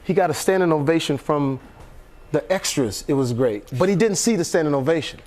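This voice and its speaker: Man guest from Texas, slightly high voice, lively storyteller who laughs and restarts a lot. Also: brisk. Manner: animated storyteller, laughs often, many restarts. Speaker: actor guest. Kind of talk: casual chat on a morning TV show.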